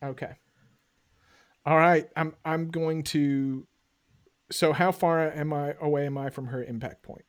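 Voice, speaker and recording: A man talking as a player in a tabletop role-playing game, laughing often and shouting his character's lines. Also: on the high side, steady tone, unhurried, pauses often.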